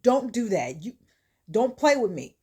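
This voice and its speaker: A woman's voice: fairly high pitch, very animated, unhurried, warm tone, husky, full character voice. A woman storyteller voicing a frightened young woman who stammers and talks in a shaken way. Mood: scared.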